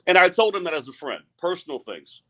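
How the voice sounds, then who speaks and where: A man's voice: sits high, sing-song, fairly quick, sharp tone. Blunt, profane middle-aged man ranting. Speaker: arm wrestler. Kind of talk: heated live-stream rant.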